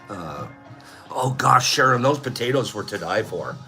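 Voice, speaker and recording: An older man hosting a casual live-stream chat, telling stories and laughing often as he acts out the people in them. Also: lowish voice. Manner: chatty, laughs often, tells stories with animated quoting. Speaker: vlog host.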